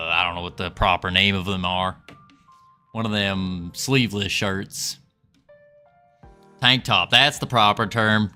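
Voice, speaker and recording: Putting on a Southern drawl, a man streams live as a game developer, joking with viewers in a folksy way and laughing a lot. His voice sits on the low side and sounds pushed and bright.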